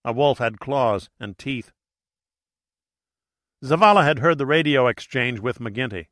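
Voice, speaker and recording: Guy reading an audiobook, bright voice, dry sound, steady and dramatic. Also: medium pitch, unhurried, long pauses, no room sound. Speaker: audiobook narrator. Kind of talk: scripted narration.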